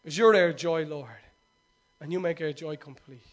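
A male pastor preaching and praying fervently, repeating phrases and swinging from hushed prayer to loud exhortation. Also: fairly high pitch, moderate pace. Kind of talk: sermon with prayer.

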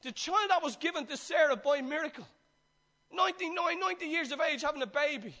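High-voiced Irish preacher telling a story. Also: male voice, fairly quick. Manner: animated storytelling, acts out the characters; jokes with the congregation. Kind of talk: sermon.

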